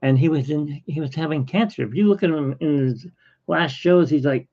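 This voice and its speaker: A man's voice: fairly high pitch, moderate pace, dark tone, highs cut off. A man who hosts an art livestream, chatting in a rambling, opinionated way. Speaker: artist, livestream host. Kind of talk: casual livestream chat.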